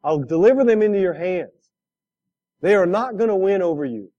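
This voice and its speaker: A man's voice: high voice, expressive, fairly quick, dark tone, dull audio. A man preaching a sermon, telling a story with laughs and asking the listeners direct questions. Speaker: pastor.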